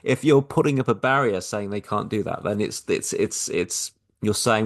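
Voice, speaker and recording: Deep-voiced impassioned man. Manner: impassioned, halting, with many restarts. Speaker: minister. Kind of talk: personal reflection podcast.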